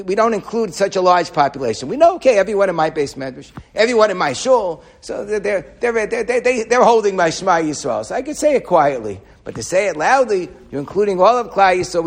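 A man giving an animated Torah class, quoting Hebrew and often repeating words as he thinks. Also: sits high.

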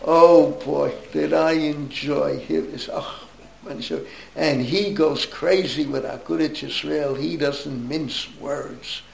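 An elderly rabbi in his eighties leads an informal class, rambling through animated stories and turning aside to his listeners. His voice is gravelly and a touch high for a man. The sound carries the echo of a roomy space. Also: takes it slowly. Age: 80s. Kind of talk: informal Torah class talk.

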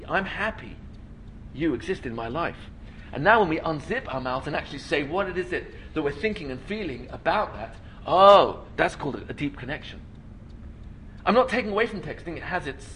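A man with a slightly bright, higher voice and a breathy edge gives a lecture before an audience at a school learning-day event. He asks rhetorical questions, laughs, and frequently performs small scenes in comic voices.

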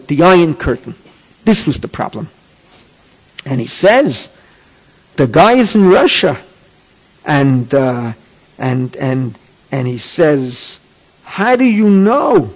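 A man with a high voice lectures in a religious class, hammering points home and repeating phrases for emphasis. The sound is dull and lo-fi, like an old tape recording. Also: big pitch swings, slow pace, long pauses. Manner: emphatic, repetitive, rising to questions. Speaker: rabbi teaching a class. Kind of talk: Torah lecture.

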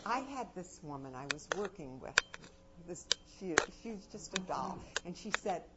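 A woman giving a live parenting workshop, lively and chatty, often dropping to a low, soft voice to demonstrate. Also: measured pace. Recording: muffled recording with background noise.

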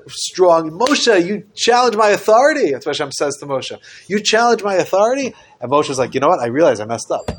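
A man teaching a Torah class, explaining a text with lively acted-out dialogue and many Hebrew terms. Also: medium pitch, slight background noise. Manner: animated, acts out quoted dialogue.

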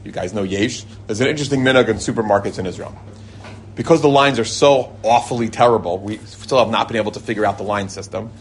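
With a faint hiss or hum behind him, a man in Israel moves at a quick pace through animated stories full of religious teaching for a group. Quoting people sends his voice high and excited, and he tends to chuckle and restart mid-sentence.

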